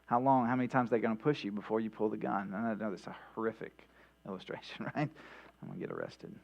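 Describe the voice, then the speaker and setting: A man's voice: lowish voice, fairly even intonation, quick pace, creaky, darkish tone. A man preaching a midweek sermon in a church, talking conversationally with many "right?" asides and restarts. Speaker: pastor. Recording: dull lo-fi sound with mains hum.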